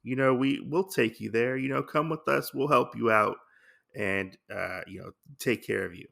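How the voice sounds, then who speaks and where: A man's voice: mid-range voice, normal speed, creaky, a bit bright. A man voicing a kind-hearted male rabbit swordsman in a comic retelling, earnest and helpful. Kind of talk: quick voice in a casual plot recap.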